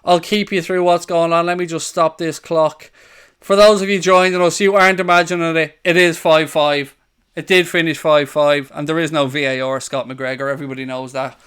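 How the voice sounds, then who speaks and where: A man hosting a live football watchalong, excitable, swearing and shouting over the action. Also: on the high side, normal speed, clean tone. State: out of breath. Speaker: watchalong host.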